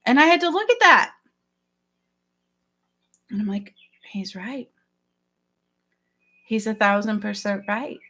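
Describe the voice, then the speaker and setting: A woman's voice: on the high side, unhurried, pauses often, a bit bright. Earnest woman talking straight to viewers. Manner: earnest, repetitive, addresses viewers directly. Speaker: spiritual healer. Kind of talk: livestream talk to viewers.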